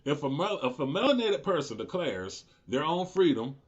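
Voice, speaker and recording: A man's voice: fairly high pitch, very animated, normal speed, slightly rough, dull audio. A man in his forties hosting his own political commentary show, talking unscripted, heated and profane, often rising into indignant outbursts. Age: 40s.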